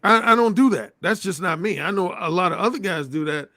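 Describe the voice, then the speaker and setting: A man's voice: sits high, expressive, brisk, sharp tone, no echo. A man telling frank, blunt stories as an interview guest in casual conversation.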